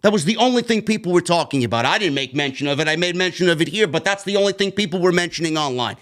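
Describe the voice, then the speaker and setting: A man's voice: fairly high pitch, expressive, quick pace, fairly bright tone. A man reviewing a wrestling show in a profane, combative rant with a New York accent, full of sarcastic asides. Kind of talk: ranting solo review.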